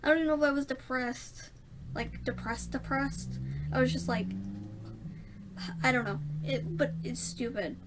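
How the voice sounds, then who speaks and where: A woman's voice: high-pitched, moderate pace, long pauses, noisy background. A young woman rambling through a casual storytime vlog, self-mocking and laughing often. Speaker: vlogger.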